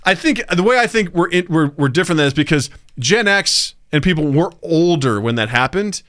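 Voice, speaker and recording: Bright-voiced man telling animated stories. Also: a little high, fairly quick, no echo, studio quality. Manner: animated storyteller, acts out quoted voices. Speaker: podcast co-host. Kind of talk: casual chat.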